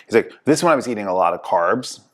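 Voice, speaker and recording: A man hosting a casual talk show, telling lively stories and acting out the people he quotes. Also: fairly low pitch, quick pace. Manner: animated storyteller, acts out quoted people. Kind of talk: casual chat.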